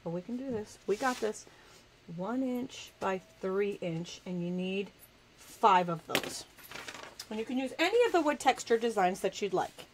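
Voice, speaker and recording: A woman's voice: medium pitch, lively intonation, moderate pace, noisy background. Woman, craft show host, chatty, self-deprecating, laughs a lot, talks while working. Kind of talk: live crafting demonstration.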